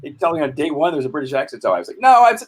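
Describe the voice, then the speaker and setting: A man guesting on a casual chat, quick and jokey, poking fun at himself. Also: a little high, breathy edge. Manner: quick, jokey, self-deprecating. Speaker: guest actor.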